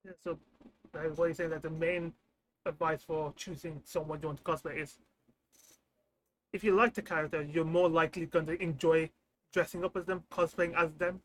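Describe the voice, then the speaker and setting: A man hosting a podcast, asking relaxed, loosely phrased interview questions. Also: a little high, moderate pace, poor audio. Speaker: podcast host.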